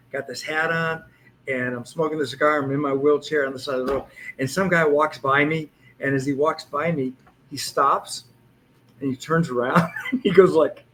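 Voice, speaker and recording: A man's voice: mid-range voice, fairly bright tone, a little hiss or hum, rough recording. A man in his sixties, a police hostage negotiator, telling anecdotes in a casual interview and acting out the lines he quotes. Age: 60s.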